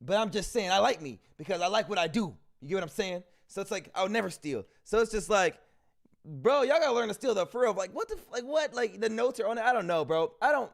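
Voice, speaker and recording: A man's voice: high-pitched, lively intonation, quick pace, vocal fry. A young man chatting casually on a stream, rambling with asides. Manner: rambling, self-interrupting asides. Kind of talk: casual chat.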